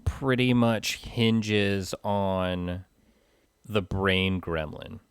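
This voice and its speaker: A man co-hosting a podcast, talking casually about a movie with wry, deadpan asides. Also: low voice, extremely slow, clear, resonant tone, no echo, studio quality. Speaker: podcast co-host.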